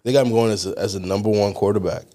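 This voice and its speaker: A young man co-hosting a casual sports chat, easygoing and agreeable, quick to laugh. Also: on the low side, steady tone, dark tone. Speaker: co-host.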